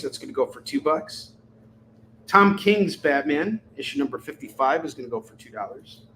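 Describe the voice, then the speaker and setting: A man's voice: fairly high pitch, a bit bright, slight background noise, low-quality recording. A man hosting a live shopping stream, calling out items and prices in a chatty, joking way. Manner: chatty, jokey, rapid-fire price callouts. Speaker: live shopping show host. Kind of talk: live-stream selling chat.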